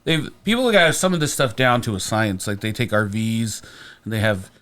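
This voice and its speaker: A man's voice: fairly low pitch, normal speed, fairly bright tone. Man telling a rambling comic story. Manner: rambling, self-mocking anecdotes. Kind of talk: casual comedic storytelling.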